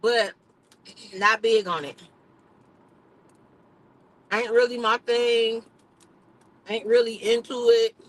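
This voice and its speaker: Speaking slowly with frequent pauses, a woman hosts her own livestream in a slightly high voice with fairly even intonation. She chats candidly, swears a lot, and laughs often. The recording is rough.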